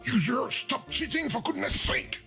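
A man's voice: very high voice, expressive, normal speed. A man voicing a fussy, easily exasperated talking video game that scolds the player with indignant, panicky outbursts. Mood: scolding. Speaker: game narrator character. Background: music.

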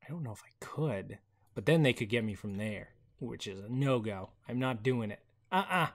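Excitable man commentating a video game. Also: medium pitch, normal speed. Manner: excitable, laughs often, chatty. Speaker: gaming video host. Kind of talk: casual gameplay commentary. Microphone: headset.

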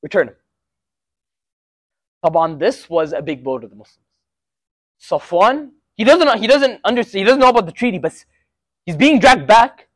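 A young man with a notably high voice gives a casual storytelling lesson, and his speech is full of Arabic fillers. The sound is dry and close. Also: very animated, brisk, no echo. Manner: casual, conversational, with frequent Arabic filler words. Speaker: student speaker at a university Muslim association. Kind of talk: informal religious storytelling lesson.

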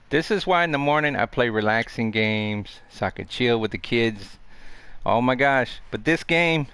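A man streaming a video game, chatting excitably to himself and his viewers with mild cursing. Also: medium pitch, moderate pace, loud music behind the voice. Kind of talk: casual live gaming commentary.

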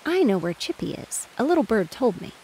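Lady voicing a huffy little chipmunk housewife, raised pitch, gravelly edge, soft rain. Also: very animated, fairly quick, slight background noise, low-quality recording. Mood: knowing. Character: small chatty female chipmunk housewife.

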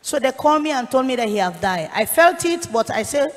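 A woman's voice: a little high, expressive, brisk, hardly any pauses, in a large hall. Emotional woman evangelist. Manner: emotional, rising to shouting. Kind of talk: sermon testimony.

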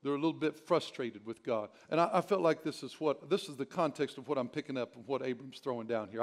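A man's voice: mid-range voice, fast talker, hardly any pauses. A male pastor preaching a sermon, urging the congregation with emphatic repetition and the odd chuckle.

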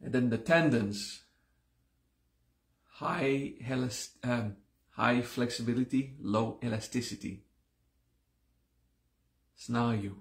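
A man teaching a live-streamed class, slow and deliberate, repeating each term several times, sounding like he has only just woken up. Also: mid-range voice, gravelly, roomy sound. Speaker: yoga teacher.

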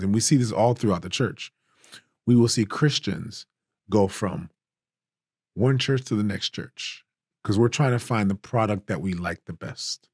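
A man's voice: lowish voice, a little mellow, breathy edge, no room sound, studio quality. Emphatic man teaching Bible study. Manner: emphatic and conversational, rising for stress, drawing words out slowly.

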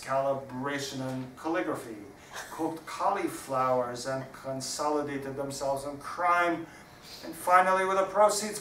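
A man giving a live reading of his own comic verse with a dry, deadpan delivery. His voice is bright and clear. He sounds distant in a reverberant hall, with a faint hiss underneath. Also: medium pitch. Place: lecture hall.

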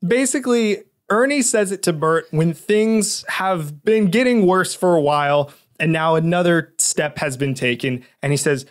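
A man's voice: on the high side, moderate pace, hardly any pauses. A man co-hosting a podcast, chatting casually and enthusiastically, rambling with restarts. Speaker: podcast co-host. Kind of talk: casual chat.

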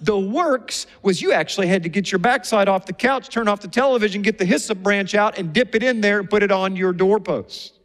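A man with a high voice delivers a sermon, telling stories with energy and acting out the people he quotes. His voice rings through a large hall with a long reverb. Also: fairly quick, hardly any pauses, a bit bright. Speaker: pastor.

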